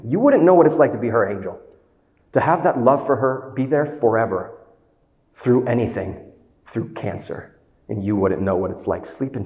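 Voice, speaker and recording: A man's voice: lowish voice, darkish tone, natural voice. A man doing a blunt fatherly therapist. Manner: retelling a film scene, quick emphatic delivery. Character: weary middle-aged male therapist, blunt, fatherly. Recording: roomy hall with long reverb.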